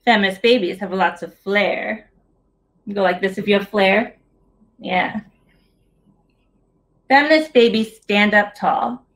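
A woman's voice: medium pitch, a little slow, pauses often, a bit bright, a little hiss or hum. A woman in her thirties reading her picture book aloud at a story hour over a video call, in a playful sing-song way that talks straight to young children.

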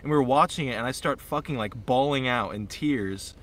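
A young man with a bright, forward voice talks in loose, excitable podcast chat. He swears freely and trips over restarts and fillers as his enthusiasm runs ahead of his words. His pitch sits at an ordinary middle level. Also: a little fast. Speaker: podcast co-host. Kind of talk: casual chat.

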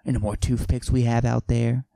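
A man doing a cocky macho character who forces his voice deep and breathy, in a comedic podcast monologue. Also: flat delivery, moderate pace, warm tone, dry recording, natural voice. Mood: swaggering. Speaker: podcast host.

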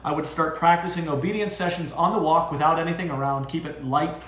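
A man giving casual dog training advice as a co-host, talking in an animated way. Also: fairly quick, a little hiss or hum. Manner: animated, jumps into high acted voices for owners. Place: dog boarding facility room. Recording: echoey room.

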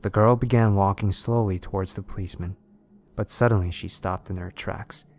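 A man narrating scary stories in a steady, measured way. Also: low-pitched, a little hiss or hum. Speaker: horror story narrator. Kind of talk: scripted narration of horror stories.

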